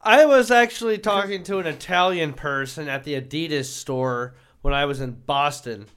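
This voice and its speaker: A man's voice: a little high, normal speed, fairly bright tone, clear, resonant tone. Dry sarcastic man in casual chat. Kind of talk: casual banter.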